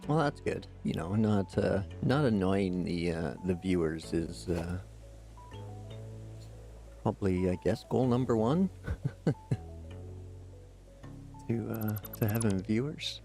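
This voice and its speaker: A man's voice: lowish voice, lively intonation, slow, pauses often, warm tone, soft background music. A Canadian man in his forties streaming a game, laid-back, muttering at the game and thanking viewers in chat. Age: 40s. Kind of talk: live gameplay commentary with chat.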